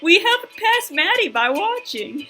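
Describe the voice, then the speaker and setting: A woman's voice: extremely high pitch, sing-song, measured pace, pushed and bright, soft background music, poor audio. An American woman hosting a live stream, chatting in a heartfelt way with lots of fillers, thanking viewers and reading the chat aloud. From United States.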